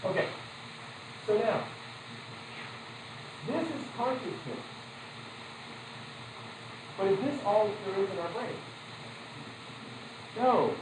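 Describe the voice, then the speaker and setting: A man's voice: high voice, lively intonation, takes it slowly, pauses often, background noise. A man teaching a psychology class in a loose, conversational lecture, quizzing students with questions and adding casual asides. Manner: loose, self-correcting delivery with asides.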